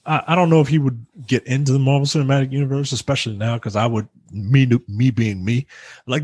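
Husky-voiced man chatting haltingly. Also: medium pitch, fairly even intonation, darkish tone, no room sound. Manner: halting, many restarts and fillers. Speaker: podcast co-host. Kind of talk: casual chat.

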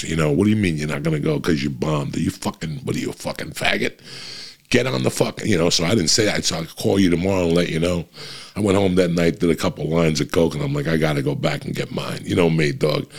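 Raspy, deep-voiced New man swearing through a story. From New Jersey. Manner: blunt and heavily profane, restless and swearing as he tells it. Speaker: comedian and podcast host. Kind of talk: profane storytelling on a podcast.

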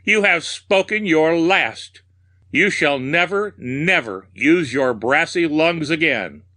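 A frenzied madman's voice, shrill and thin, shrieking loud curses high above the storyteller's own deep register, as a man acts him out. It rings sharp and forceful, every cry pushed hard and piercing. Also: animated, slow, dry recording, studio quality, exaggerated voice. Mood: frenzied, raving. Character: raving madman shrieking at a clock.

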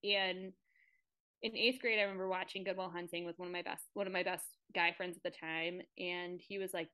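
A woman's voice: on the low side, little pitch movement, bright, forceful tone, smooth. A young woman in casual podcast chat, earnest and rambling as she opens up. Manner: earnest, rambling, quick to open up. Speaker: podcast guest.

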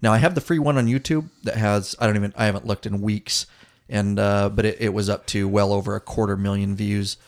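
A man's voice: fairly low pitch, steady tone, fairly quick. A man hosting a podcast, chatting casually and jokingly, calling his co-host dude. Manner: laid-back, jokey, says dude a lot. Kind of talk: casual chat.

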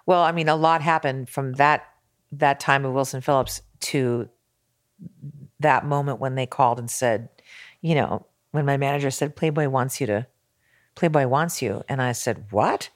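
A woman's voice: very deep voice, normal speed, no room sound. Middle-aged woman, singer guest, candid and emphatic storyteller, dry close mic. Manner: frank and emphatic, acts out quoted exchanges.

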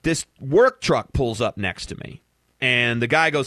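A man's voice: medium pitch, expressive, measured pace, a bit bright, no room sound. A man hosting a talk radio show, chatting casually with rambling fillers and restarts into a studio microphone.

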